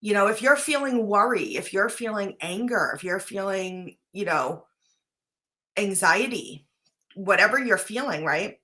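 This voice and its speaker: A woman's voice: mid-range voice, expressive, unhurried, pushed and bright. A woman life coach talking casually to her viewers, earnest and chatty, often checking in with "right?". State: briefly choked up at times. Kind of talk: casual talk to camera.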